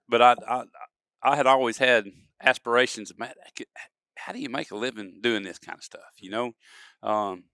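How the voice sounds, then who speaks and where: Bright, clear-voiced man. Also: medium pitch, no echo, studio quality. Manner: folksy storyteller, acts out examples. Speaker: guest, duck-calling expert. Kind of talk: casual podcast conversation. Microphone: studio podcast mic.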